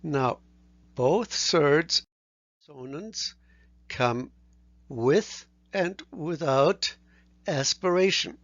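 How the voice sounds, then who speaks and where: A male teacher talks through a lesson at a very slow, deliberate pace, pausing to sound out letters one by one. His voice sits slightly high. The recording is dry and a bit muffled. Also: animated, fairly bright tone, dry recording. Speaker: language teacher. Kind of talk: recorded lecture.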